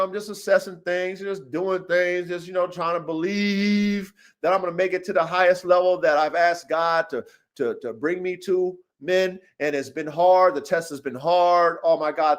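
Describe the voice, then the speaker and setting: A man hosting a dog podcast, talking in a profane, emphatic, preachy way, repeating phrases and sometimes building to shouts. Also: sits high. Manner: builds to shouting at emotional peaks. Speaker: dog breeder and podcast host. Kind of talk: casual podcast monologue.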